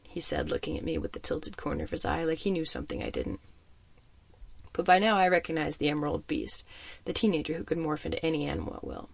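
A man narrating a first-person audiobook story in an expressive, suspenseful manner. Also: on the high side, fairly quick, gravelly, breathy edge, no echo.

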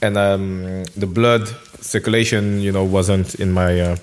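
A Frenchman, a former footballer appearing as an interview guest, speaks in a low voice with little pitch movement and a measured pace. He answers questions hesitantly in a casual conversational interview, searching for words and restarting often.

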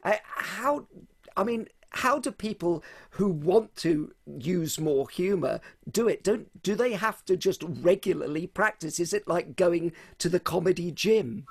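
A man's voice: high voice, animated, measured pace, husky. A man hosting a podcast interview, asking curious, probing questions. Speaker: podcast host.

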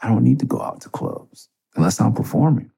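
A man's voice: medium pitch, animated, fairly quick, creaky, dark tone, breathy edge. A middle-aged man hosting a podcast, telling a story in a casual, profane, rambling way. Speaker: podcast host.

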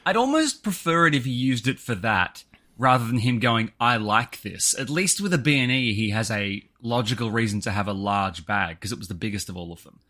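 Animated man telling a story. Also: a little fast. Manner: animated storyteller, lively swings in pitch. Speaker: podcast co-host. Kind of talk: casual podcast chat.

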